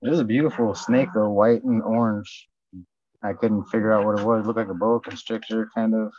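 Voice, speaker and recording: A man's voice: fairly low pitch, level tone, brisk, a little mellow. A man telling rambling, profane stories in casual chat and acting out what people said. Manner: profane storytelling, acts out quotes. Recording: dull dry lo-fi sound.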